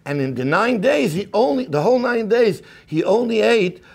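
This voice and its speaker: A man's voice: high voice, expressive, moderate pace, creaky, a little mellow. A man giving an impassioned sermon-style lecture at a community program, often stammering and restarting, with many Hebrew and Yiddish terms.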